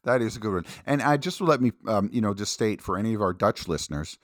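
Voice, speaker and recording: A man meanders through a casual podcast chat, hesitating and laughing easily. His voice is very deep. The recording is close and dry. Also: expressive, fast, dry recording. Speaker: podcast co-host.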